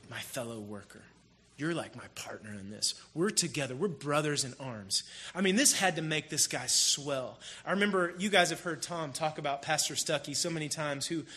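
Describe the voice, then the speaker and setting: A man preaching a sermon in a casual, storytelling way, with animated emphasis. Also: fairly high pitch. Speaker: pastor. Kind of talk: conversational sermon.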